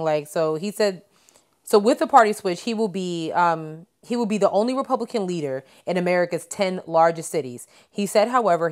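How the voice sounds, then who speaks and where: Low-pitched woman reading news with blunt asides. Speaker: podcast co-host. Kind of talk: casual news chat.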